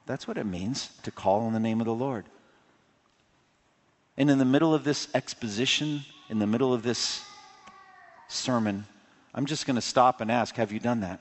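A man preaching a sermon with passion, surging louder on key points and dropping low and quiet for personal appeals. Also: normal speed, pauses often. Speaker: pastor. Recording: long hall reverb.

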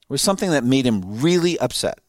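A man's voice: mid-range voice, expressive, fast, a little mellow, no echo, studio quality. A man preaching a sermon in a conversational way, laughing often and asking his listeners questions. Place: room with an audience.

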